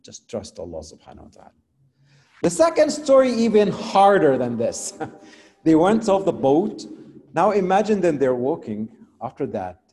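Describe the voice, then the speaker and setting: A man preaching a sermon and telling a story animatedly, dropping from loud to quiet, with non-native phrasing. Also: on the high side, huge pitch swings, moderate pace. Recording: long hall reverb.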